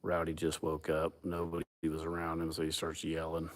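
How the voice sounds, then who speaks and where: Man, very low voice, cussing, easygoing rambling host. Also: monotone, a little fast. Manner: profane, laid-back, laughs often. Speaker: livestream host. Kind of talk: casual chat, rambling storytelling.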